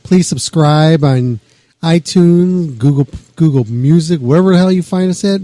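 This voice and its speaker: A male podcast host with a very dark, mellow tone and a slightly high voice wraps up the episode. He rambles loosely and trails off mid-thought. The sound is dry and close. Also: moderate pace, dry recording. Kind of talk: casual show sign-off.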